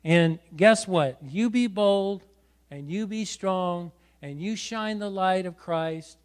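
Another middle-aged pastor preaches in a church sanctuary, his high voice clear and resonant as he takes it slowly. He exhorts the congregation, repeats words and frequently tacks on "right?".

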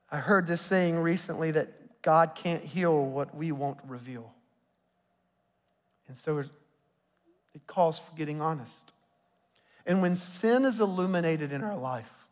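A man preaching a sermon as pastor, talking conversationally and dropping to soft near-whispers for emphasis. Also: sits high. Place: church sanctuary. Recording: long hall reverb from a church sanctuary.

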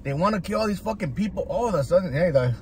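Animated man ranting in a car. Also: sits high, fast talker, a little hiss or hum. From Southern California. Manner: animated, slangy, switches into Spanish. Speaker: food vlogger host. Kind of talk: profane ranting chat while eating. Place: inside a parked car.

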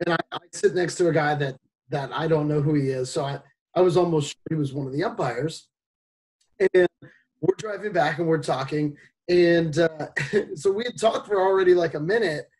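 A man's voice: fairly high pitch, normal speed, a little mellow, poor audio. A man who works as a radio announcer, telling a casual anecdote with self-deprecating chuckles.

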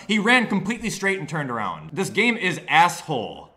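Young guy yelling at a football game, voice swinging all over, bright edge. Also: fairly high pitch, wildly swooping pitch, moderate pace, hardly any pauses. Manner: frustrated ranting and yelling at the game; glum, subdued wrap-up talk to viewers. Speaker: gaming video creator. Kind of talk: live gameplay commentary.

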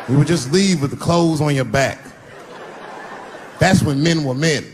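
A man doing stand-up, telling family stories and acting out high, shouting voices for his son and wife, recorded live on a comedy stage. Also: a little slow. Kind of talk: stand-up storytelling. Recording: live club set with audience noise.

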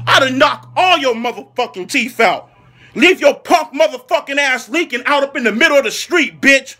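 A man from Philadelphia rants as an outraged football fan in a high, piercing voice. He mocks and curses without pause and keeps erupting into shouts. The tone is bright and forceful throughout. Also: expressive. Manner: furious, mocking, heavy swearing, shouting bursts. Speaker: angry football fan ranting. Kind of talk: profane comedic sports rant.

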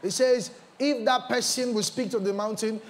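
High-voiced Nigerian pastor preaching. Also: male voice, normal speed. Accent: Nigerian English. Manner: animated storytelling with repetitions, mixing in pidgin. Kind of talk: sermon. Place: church.

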